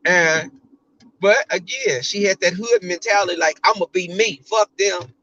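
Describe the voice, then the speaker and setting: A man's voice: on the high side, a bit bright, no echo, lo-fi sound. A man giving blunt, profane casual commentary on a livestream, often mimicking other people.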